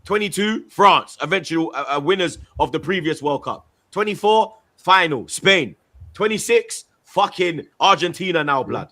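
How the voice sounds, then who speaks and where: A man co-hosting a football podcast in casual, slangy chat. His voice swings widely up and down and sits a little high. He stresses his points hard. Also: normal speed. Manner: animated, slangy, emphatic.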